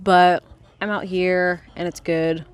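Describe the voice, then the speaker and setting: A woman hosting a book club podcast in a rambling, excitable, casual chat, swearing freely, outdoors by a chicken coop and filmed on a handheld phone. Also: lowish voice, takes it slowly, smooth. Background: chickens clucking.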